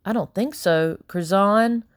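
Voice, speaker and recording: A woman's voice: medium pitch, takes it slowly, clean tone, no echo, studio quality, voice pushed up, natural voice. A woman voicing a polite, wary young girl who answers deferentially. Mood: timid. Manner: timid and deferential.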